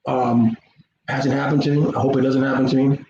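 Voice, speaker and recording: A YouTuber with a medium-pitched, dark-toned voice talks briskly and flatly in a casual vlog monologue. He rambles, repeats words, and comes across earnest and preachy. The roomy recording sounds dull and lo-fi, with faint noise.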